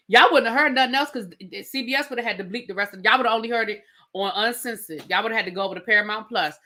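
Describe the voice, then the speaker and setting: A woman reviewing a reality show in a casual, animated and sassy recap, talking straight to her viewers. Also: mid-range voice. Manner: animated, sassy, emphatic, addresses viewers directly.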